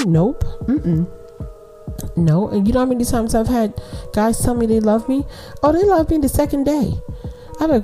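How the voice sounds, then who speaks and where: A woman's voice: fairly high pitch, lively intonation, moderate pace, over music. A middle-aged woman hosting a podcast, giving casual, slangy advice and laughing often as she talks. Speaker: podcast host.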